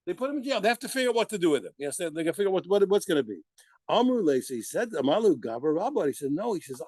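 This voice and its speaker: A man teaching a lively Talmud class to students, talking emphatically and firing off rhetorical questions. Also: sits high, rapid-fire, dry recording.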